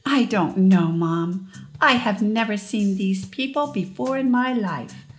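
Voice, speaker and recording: A woman reading a calm, studious older daughter in a storybook, speaking flatly and unbothered. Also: medium pitch, a little slow, soft background music, lightly acted.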